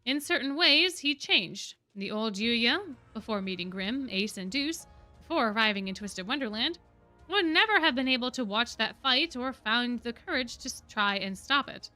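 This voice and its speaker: A woman reading a novel aloud on a stream, expressive, often dropping her voice for emphasis. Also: normal speed, faint music behind. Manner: expressive, with frequent drops in pitch and volume for emphasis.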